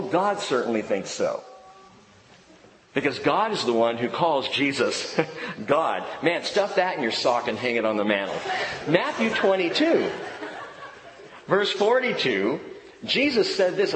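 Male pastor, middle-aged, animated preaching with humor, slightly high voice, recorded in a roomy echoing hall. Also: slight background noise. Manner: lively preaching with jokes and personal stories. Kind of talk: sermon.

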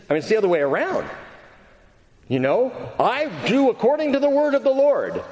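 A pastor preaching an expository sermon, earnest and emphatic, going from quiet passages to loud ones. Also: male voice, fairly high pitch. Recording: long hall reverb.

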